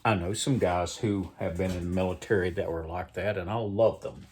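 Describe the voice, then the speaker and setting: A man's voice: sits low, fairly even intonation, normal speed, a little mellow, a little hiss or hum. A man hosting his own channel, rambling through casual reading and commentary with a wry, self-deprecating manner. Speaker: channel host. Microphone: webcam framing.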